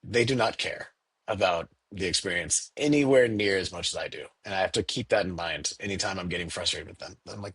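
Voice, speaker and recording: A candy store owner in a casual interview, talking animatedly and acting out little quoted exchanges in a raised voice. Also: male voice, sits low, a little fast, fairly bright tone, slightly rough, no echo.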